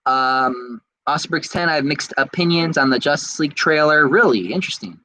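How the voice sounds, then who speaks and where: A man with a fairly high, bright and forceful voice chats casually as a podcast host. He answers viewer comments one after another, excitable and rambling, often restarting his sentences. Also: fairly quick, a little hiss or hum, low-quality recording.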